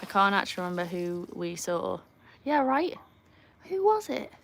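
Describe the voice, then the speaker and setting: A woman's voice: mid-range voice, sing-song, moderate pace, creaky. Chatty young woman streaming by a pool. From England and Wales. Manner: chatty, answers viewers, cheers loud woohoos at the dog. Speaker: livestream host with her dogs. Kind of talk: casual live-stream chat. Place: outdoors by a home pool. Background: pool pump and faint outdoor ambience.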